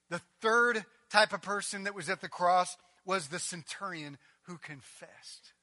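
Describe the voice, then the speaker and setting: A man preaching a sermon as a pastor, delivering it with passion and building up to near-shouting on emphatic passages. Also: high-pitched, a little slow, hardly any pauses, no room sound.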